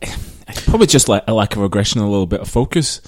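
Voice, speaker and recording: A man on a football podcast panel, talking through the match in a measured, analytical way. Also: fairly low pitch, expressive. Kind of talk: casual football chat.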